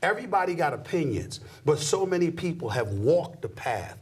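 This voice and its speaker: A man's voice: fairly high pitch, very animated, moderate pace, breathy edge. A middle-aged man talking emphatically and preachily in a heated sports conversation. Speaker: sports commentator guest.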